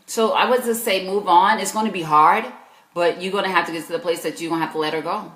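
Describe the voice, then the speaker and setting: Speaking quickly in a steady, fairly bright, low-ish voice, a South Carolina woman coaches viewers on Christian living during a live stream. She answers their questions in an emphatic, preachy manner and responds to comments, with reverberation around her.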